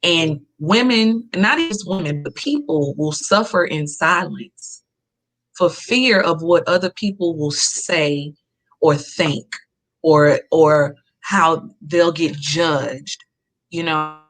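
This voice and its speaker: A woman's voice: low voice, slow pace, fairly bright tone. A woman, a podcast guest telling a personal story in an earnest, emphatic way and repeating key phrases.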